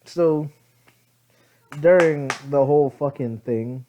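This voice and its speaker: A man's voice: a little high, slow, warm tone, highs cut off, slight background noise. A sleepy man casually telling an improvised fan story, rambling with lots of fillers, self-corrections and swearing, recorded on a phone. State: sleepy, yawning.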